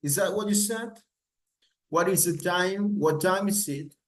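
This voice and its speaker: A male English teacher walks a class through a grammar lesson, speaking slowly and drawing his words out. He says each example sentence several times and switches between English and Spanish. His voice is a little high for a man, and the recording is rough.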